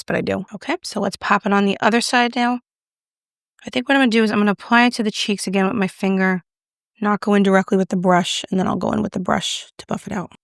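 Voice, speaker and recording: A woman's voice: medium pitch, vocal fry, no room sound, clean studio sound. A young woman casually reviewing makeup, chatty and self-deprecating as she applies it on camera. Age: young adult. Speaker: beauty YouTuber.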